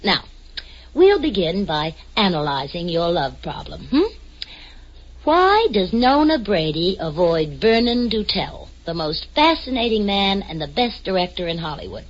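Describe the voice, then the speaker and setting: An actress playing a chatty, teasing studio secretary in a vintage radio drama. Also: female voice, on the low side, very animated. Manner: brassy, teasing, fast-talking. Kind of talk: 1940s radio acting. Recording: dull lo-fi old radio recording.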